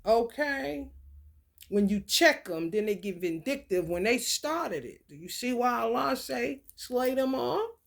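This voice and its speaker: Blunt, gravelly-voiced woman vlogger. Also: fairly high pitch, a little slow. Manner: blunt, profane, animated commentary with loud outbursts. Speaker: spiritual content creator. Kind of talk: casual spiritual vlog reading.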